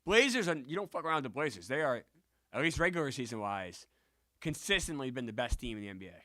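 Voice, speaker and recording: A man streaming a basketball video game, chatting and bursting into loud yelled celebrations, sometimes out of breath. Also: medium pitch, sing-song, quick pace, no room sound. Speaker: gaming streamer. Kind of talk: excitable gameplay commentary.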